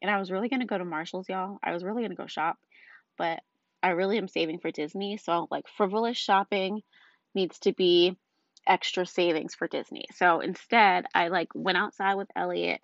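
Young woman, tired mom venting to camera, slightly low voice, dull dry recording. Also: moderate pace, no room sound. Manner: chatty, exasperated, frequent fillers like "like" and "um". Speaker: mother of two small children. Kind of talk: casual storytelling vlog.

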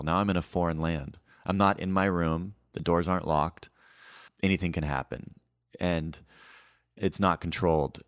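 A man, a comedian, telling a story about life on tour in a relaxed, wry way, acting out the lines he quotes. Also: sits low, dry recording, clean studio sound. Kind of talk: casual podcast storytelling.

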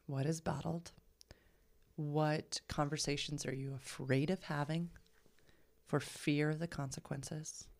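A woman with a low, gravelly voice co-hosts a relationship podcast in a casual back-and-forth. She talks reflectively and with energy, often checking in with a quick "right?". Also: fairly bright tone. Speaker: podcast co-host and sexuality educator.

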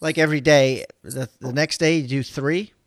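A man's voice: a little high, fairly even intonation, normal speed, a little hiss or hum. A man co-hosting a casual podcast chat, asking questions and thinking aloud.

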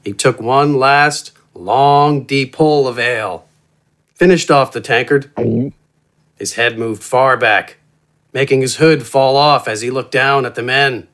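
A man narrating a fantasy story in an expressive, playful manner. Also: medium pitch, takes it slowly.

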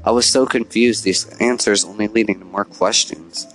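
A man reads a first-person story in a steady, deliberate way. His voice sits low. Faint music plays under the narration. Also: poor audio.

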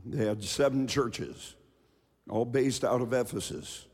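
A man preaching a fiery sermon from the pulpit, dropping to low asides and rising to shouted refrains. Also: a little slow, slightly rough. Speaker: pastor. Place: church sanctuary with reverb. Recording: hall reverb from a large church.

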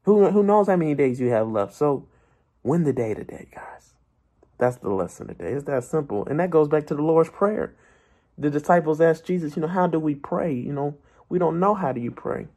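A man's voice: fairly high pitch, expressive, moderate pace, dark tone. A young man in a Christian video blog, giving a motivational devotional talk and pressing his viewers with rhetorical questions. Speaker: Christian vlogger.

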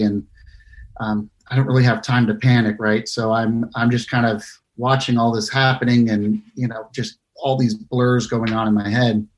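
A young man earnestly tells a near-death story of his own in casual conversation. His ordinary mid-range pitch barely moves, and he speaks haltingly, with many fillers, pauses and restarted sentences.

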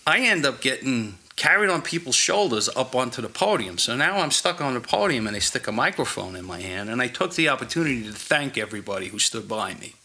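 A man's voice: mid-range voice, big pitch swings, fairly quick, hardly any pauses, bright, forceful tone. A man, a former police officer telling blunt, profane stories in casual conversation. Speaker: retired police officer guest. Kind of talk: casual storytelling chat.

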